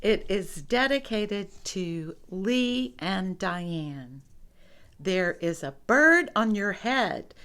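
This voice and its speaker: A woman reading a picture book aloud to children, asking the listener questions about the pictures. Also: mid-range voice. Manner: slow, expressive, asks the listener questions. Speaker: storybook reader.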